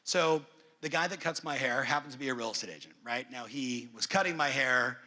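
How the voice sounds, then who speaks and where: A man's voice: mid-range voice, a little fast, sharp tone. A man giving a motivational keynote as a real estate coach on a conference stage, brash and profane, who keeps polling the crowd. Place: large conference hall stage. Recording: long reverb of a big hall.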